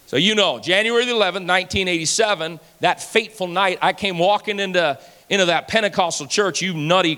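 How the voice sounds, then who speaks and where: A man's voice: sits high, pushed and bright, long reverb tail. A man in his fifties preaching a sermon as pastor, telling stories conversationally and acting out dialogue with repeated words.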